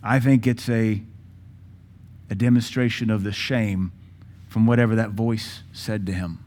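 A man in his forties preaching a sermon with passion, using dramatic pauses and acting out voices from scripture. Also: fairly low pitch, steady tone, darkish tone. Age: 40s. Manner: impassioned, dramatic pauses, mimics Bible voices.

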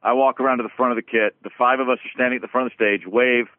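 A man telling a long backstage story in casual conversation, halting with restarts and swearing as he talks. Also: medium pitch, steady tone, no room sound. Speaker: guest musician. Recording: dry tinny phone-like sound.

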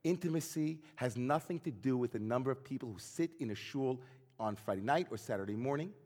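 Earnest rabbi preaching in an echoing hall. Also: male voice, medium pitch, expressive, brisk, darkish tone. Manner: earnest, reflective, searching questions. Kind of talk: sermon.

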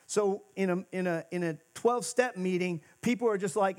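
A male pastor giving a sermon in a church, talking conversationally and moving between emphatic and hushed moments. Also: high-pitched, moderate pace, few pauses. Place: church sanctuary.

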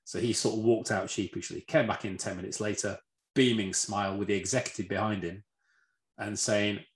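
A man, a red team leader, answering a question with animated stories and restarts. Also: fairly low pitch, brisk. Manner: animated, repeats words when starting, acts out voices. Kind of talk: storytelling answer in a talk. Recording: roomy echo.

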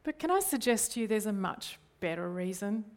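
Her medium-pitched voice is very animated and fairly quick as this middle-aged Australian woman, a church leader, gives an earnest sermon. She keeps turning to her listeners with rhetorical questions.

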